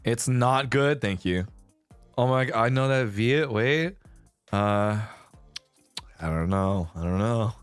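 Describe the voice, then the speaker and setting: A man's voice: medium pitch, lively intonation, slow, long pauses, smooth, no echo, soft background music. A man chatting casually on a live stream, rambling, restarting sentences and swearing often. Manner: rambling, heavy swearing, frequent self-restarts.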